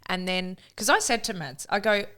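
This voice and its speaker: A woman's voice: mid-range voice, lively intonation, normal speed, sharp tone. A woman being interviewed on a podcast, telling an earnest and emotional story about her relationship. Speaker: podcast guest. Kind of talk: casual heartfelt chat.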